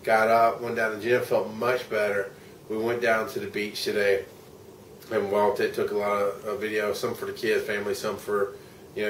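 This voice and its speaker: A man's voice: lowish voice, fairly bright tone, slight background noise. A tired middle-aged man from the United States recounting his day in a candid, rambling travel vlog, swearing when frustrated. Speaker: vlogger and podcaster. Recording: roomy echo, mic at a distance, faint ambience.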